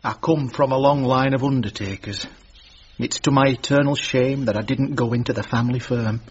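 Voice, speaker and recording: A man's voice: mid-range voice, normal speed, breathy edge, close to an everyday voice. A man voicing a fussy, creepy middle-aged man, talking in a prim, pompous way. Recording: dull lo-fi sound.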